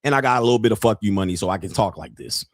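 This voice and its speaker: A man's voice: lowish voice, animated, racing, dry recording. Middle-aged guy on a livestream, crude and joking, dead dry sound. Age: 50s. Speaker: livestream host. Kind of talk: casual livestream commentary.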